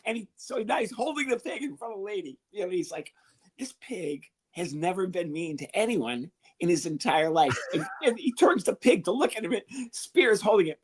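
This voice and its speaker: A man, a comedian guest on an interview show, telling an animated story and acting out the people in it. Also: sits high, moderate pace, breathy edge. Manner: lively, animated, acts out the people he quotes.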